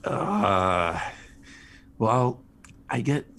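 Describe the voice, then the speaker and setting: A man, a guest on a podcast, telling jokey, animated stories in casual chat. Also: medium pitch, extremely slow. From Charlestown, Boston area. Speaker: guest, ice cream truck driver.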